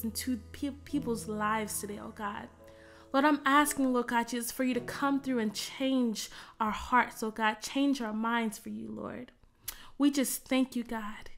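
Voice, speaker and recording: A woman minister with a fairly high voice, praying fervently and filling her lines with soft murmured asides. Between prayers she talks to her online viewers in an easy, chatty way, urging them to type replies in the chat. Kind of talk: prayer and sermon on a virtual service.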